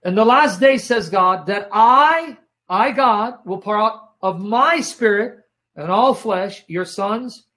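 A man delivers sermon-style Bible teaching in a high, pushed, bright voice with lively intonation, moving slowly through his points. His throat is strained from coughing, and he is emphatic and repetitive, frequently saying to watch and asking whether listeners follow.

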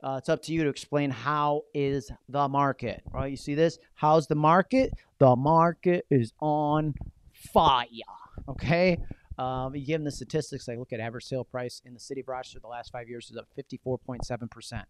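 Punchy, energetic male sales coach. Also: medium pitch, moderate pace, clean tone. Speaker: real estate coach. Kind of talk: training seminar talk.

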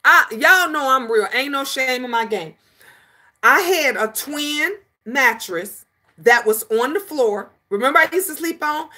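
A middle-aged woman hosts a casual livestream, chatting animatedly to her viewers. Her voice is bright and a little high, and she keeps calling people honey. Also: animated, unhurried. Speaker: livestream host reading viewer comments.

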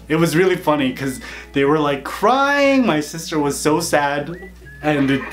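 A man's voice: medium pitch, normal speed. A man hosting a casual YouTube interview, playful and laughing often. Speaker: YouTuber host.

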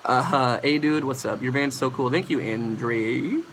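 A man's voice: medium pitch, unhurried, a bit bright, slight background noise, rough recording. A young man casually hosting a livestream, rambling as he answers chat questions about vocals. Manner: casual, rambling, demonstrates screams.

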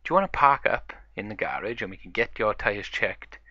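A man's voice: fairly low pitch, lively intonation, brisk, bright, forceful tone, no room sound, lo-fi sound. A man voicing a friendly, easygoing adult male pig in a toy play story.

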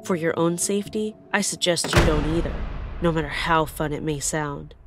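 A woman's voice: low-pitched, moderate pace, loud music behind the voice. A woman narrating her own scary experience in the first person, in an earnest, plain way. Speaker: storyteller.

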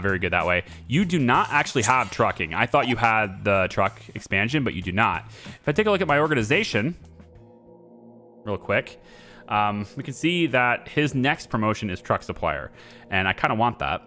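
Man, low voice, casual gameplay commentary, thinking aloud, ums and restarts, faint music behind. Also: bright, forceful tone. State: has hiccups. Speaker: gameplay video creator.

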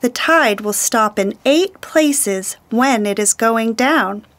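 Lady reading as raven the sly trickster bird, slow, kinda high voice, bossy. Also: lively intonation, a bit bright. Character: clever trickster male Raven.

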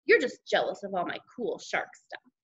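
A woman voicing an upset first-grade boy who whines and shouts back at his sister. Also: mid-range voice, sing-song, normal speed, dull audio. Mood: whiny upset. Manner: whiny and shouting.

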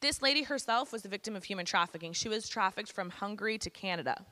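A woman in her thirties speaks frankly and casually to a student audience, slipping into slang. Her voice is bright and forceful, and it echoes around a large school hall. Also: mid-range voice, lively intonation, fast. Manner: candid, conversational, slangy. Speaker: guest speaker. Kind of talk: personal testimony to students.

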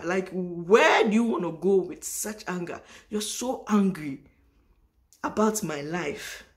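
High-pitched man giving a preachy vlog message. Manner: preachy, emphatic, rhetorical questions. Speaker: vlogger. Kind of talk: motivational vlog monologue.

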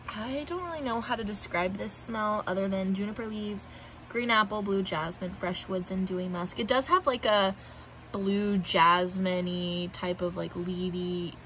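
Young woman, bright tone, expressive casual vlogger, light hiss. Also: medium pitch, rough recording. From Georgia, US. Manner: gushing and expressive, swings from excited to mock-dramatic. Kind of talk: casual vlog chat. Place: shopping outlet outdoors, then at home.

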